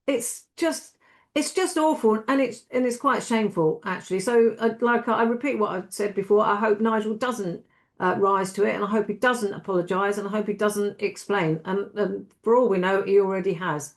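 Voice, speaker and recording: A woman guest commentator chatting in a studio, halting and indignant, with many restarts. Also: mid-range voice. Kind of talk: casual studio chat.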